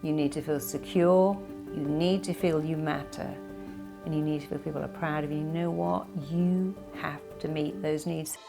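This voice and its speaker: A woman's voice: low-pitched, steady tone, normal speed, vocal fry, over loud music. A middle-aged woman giving self-help advice straight to camera, in an emphatic way, often acting out quoted speech. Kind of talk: direct-to-camera advice talk.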